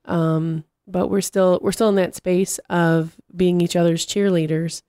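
A woman in casual conversation, telling animated stories and acting out what people said. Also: fairly low pitch, unhurried, clear, resonant tone, dry recording, clean studio sound. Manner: animated storyteller, acts out quotes.

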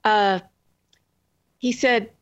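A woman's voice: fairly high pitch, steady tone, drawn-out words, clean tone. A woman guest, a children's book author, chatting in an upbeat, rambling way in an interview. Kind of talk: casual interview chat. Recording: dull lo-fi remote line.

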